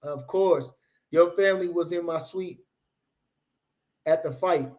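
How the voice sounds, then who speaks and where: A man's voice: a little high, slow, pauses often, a little mellow. A man chatting casually on a livestream, reading out comments in rambling, repetitive, profane hype talk.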